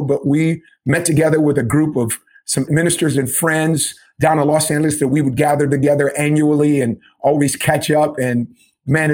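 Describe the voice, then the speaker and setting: A man with a fairly high voice co-hosts a podcast. He speaks in an excited, emphatic way, repeating phrases for effect. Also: breathy edge. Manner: hyped, emphatic. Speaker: podcast co-host. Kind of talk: casual podcast hosting.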